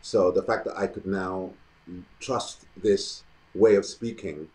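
A man with a very low, deep voice. As an interview guest, he tells his story slowly and thoughtfully. He often pauses with ums. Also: fairly even intonation, a little mellow, low-quality recording. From London, England. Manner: thoughtful, measured, with frequent ums. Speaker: actor and guest.

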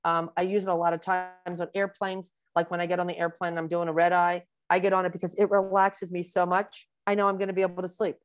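A woman in her sixties, a physician being interviewed in a webinar, explaining at length in a warm, rambling way with many fillers. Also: lowish voice, little pitch movement, fast, hardly any pauses, clean tone, no echo. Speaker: breast cancer physician, guest.

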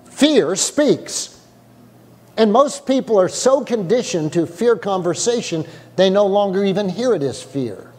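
Animated preaching man in an echoing hall. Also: high voice, measured pace. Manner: animated preaching, acting out frightened voices. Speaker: pastor. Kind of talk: sermon. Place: church sanctuary.

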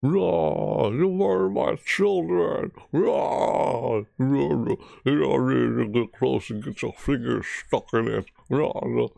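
A man's voice: medium pitch, slow, gravelly, hardly any pauses, warm tone, pitched above the performer's own voice. A man voicing a monstrous male boss creature, bellowing with roaring growls. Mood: raging.

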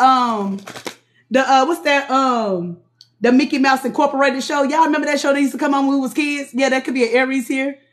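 A woman runs a casual live-stream tarot reading. She talks to her viewers directly, chatty and easygoing, and laughs often. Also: sits high. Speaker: tarot reader.

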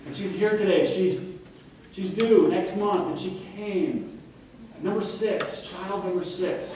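A man's voice: high-pitched, takes it slowly, a little hiss or hum. A man in his thirties giving a talk as a guest speaker, telling self-deprecating stories and acting out the voices of the people in them. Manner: self-deprecating, animated, acts out quoted voices. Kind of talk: humorous lecture storytelling. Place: lecture hall. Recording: very echoey hall, far from mic.

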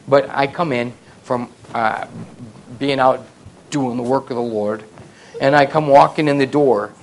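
A middle-aged man preaching a sermon as pastor, telling family stories with self-deprecating humor and building to loud, emphatic peaks. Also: medium pitch, steady tone, a little slow, slight background noise. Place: church sanctuary.

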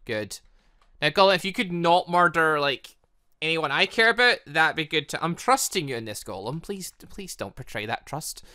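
A young man chats his way through a Minecraft let's play with a bright, lively voice that leaps up and down as he jokes. He scolds and coaxes the villagers in the game in a casual, joking manner. His close desk mic sounds dry, with keyboard clicks in the background. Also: on the high side, moderate pace, no echo. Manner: chatty, jokey, talks to villagers in the game. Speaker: gaming YouTuber.

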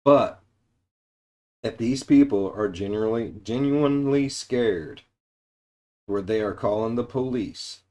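A man's voice: medium pitch, measured pace, long pauses, dark tone. A man reacting to a story in casual commentary, blunt and profane, with a mid-range voice. He jokes and swears freely. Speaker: reaction video host.

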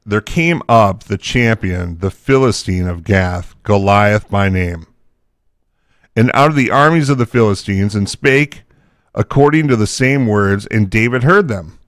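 A man's voice: on the low side, a little slow, no room sound, clean studio sound. A man teaching from the Bible, reading scripture aloud and breaking into casual, chatty asides.

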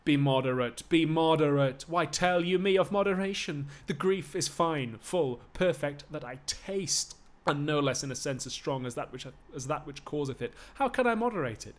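A man's voice: fairly high pitch, animated, normal speed, hardly any pauses, voice pushed up, natural voice. A man voicing a passionate young woman lover in an impassioned dramatic reading. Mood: anguished. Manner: impassioned, rising and wailing reading.

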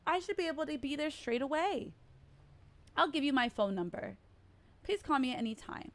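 A man's voice: very high voice, animated, moderate pace, fairly bright tone. A woman reading the lines of a polite, creepy young male police officer, reassuring and overly familiar.

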